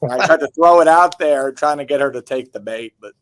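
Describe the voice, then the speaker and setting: A man from New York, a high school basketball coach, teasing the host with dry humor over a video call from his basement. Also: fairly quick, no room sound. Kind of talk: casual interview chat. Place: home basement.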